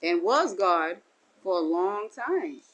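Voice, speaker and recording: A woman's voice: on the low side, big pitch swings, slow pace, fairly bright tone, rough recording. Woman giving a meandering spiritual talk. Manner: meandering, repetitive, folksy. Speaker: self-styled spiritual teacher. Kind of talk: spiritual monologue.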